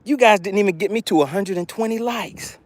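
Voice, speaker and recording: A man hosting a live fishing stream, exclaiming excitedly as he shows off his catch. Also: sits high, brisk, slight background noise. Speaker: fishing livestream host.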